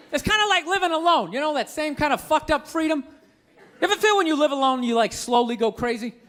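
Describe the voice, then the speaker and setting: A man doing a stand-up routine on a comedy club stage, ranting loudly and exasperatedly with plenty of profanity. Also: very high-pitched. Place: comedy club stage before a live audience. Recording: live stage recording with crowd laughter and noise.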